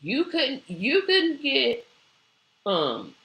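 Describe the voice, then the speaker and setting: Woman host for a live stream, emphatic and exclamatory, bright tense voice, echoey room. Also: high-pitched, wildly swooping pitch, drawn-out words. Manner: emphatic and exclamatory, with rhetorical questions. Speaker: host of a live online show. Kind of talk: live-stream commentary, reading viewer comments.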